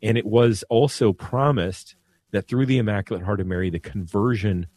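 A man's voice: fairly low pitch, moderate pace, a little mellow, dry recording. A man, a Catholic priest, speaking earnestly and in a preacherly way on a radio show, often repeating words as he goes. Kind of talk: radio talk on devotion. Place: radio studio.

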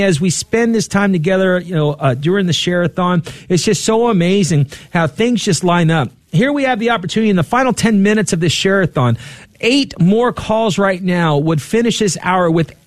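A man co-hosting a radio fundraiser, talking fast and excitedly as he urges listeners to call in. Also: high voice, no room sound. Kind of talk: on-air fundraising appeal.

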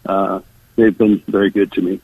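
A man's voice: deep voice, level tone, slightly rough, no echo. An older man calling in to a radio show, choked up and stammering as he speaks. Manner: halting, emotional, stammering. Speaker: caller. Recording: tinny phone line.

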